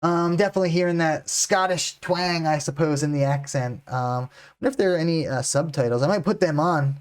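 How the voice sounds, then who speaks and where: A man's voice: fairly high pitch, brisk. An American man hosting a reaction video, chatting casually in a laid-back way with lots of fillers. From United States.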